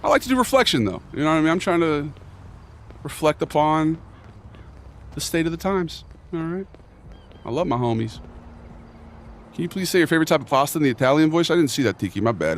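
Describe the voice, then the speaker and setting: A man's voice: fairly high pitch, very animated, fast, pauses often, a little hiss or hum. A young man streaming live and chatting casually, full of slang, rambling and reading chat aloud.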